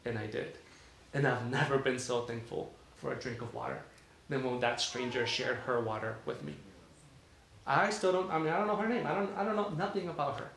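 A man's voice: mid-range voice, a little fast, a bit bright. A man delivering a sermon, with conversational storytelling and frequent rhetorical questions. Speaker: pastor. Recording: very echoey room, faint ambience.

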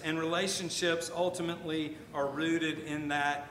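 A man's voice: fairly even intonation, unhurried, pushed and bright. An older man, a pastor, preaching a sermon in a conversational way with asides and emphatic repetition. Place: church sanctuary. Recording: echoey church room with faint rumble.

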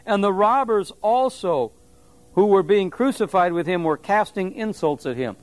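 High-voiced man preaching a lively sermon. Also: moderate pace, no room sound. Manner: conversational, animated preaching with asides to the congregation. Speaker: pastor.

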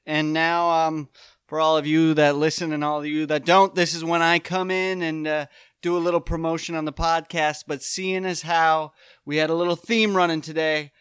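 A man's voice: on the high side, fairly bright tone, clean tone, no echo, clean studio sound. A man hosting a comedy podcast, joking in casual banter. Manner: joking, quick asides. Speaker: podcast host. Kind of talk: casual chat, comic banter.

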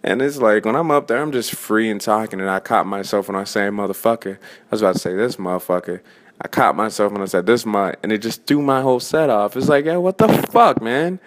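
Man, 20s, slightly low voice, profane rambling stand-up comic venting. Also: fast talker. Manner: profane, rambling, restarts mid-sentence. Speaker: open-mic comedian. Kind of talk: casual rant.

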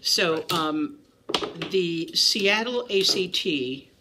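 A woman from Maryland recounts her early years as an actress in a chatty, animated way. She slips into little character voices to act out people in her stories. A faint hiss of noise runs underneath. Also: lowish voice, very slow. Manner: animated anecdotes, acts out voices, many restarts and fillers. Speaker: guest actress. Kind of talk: casual storytelling interview.

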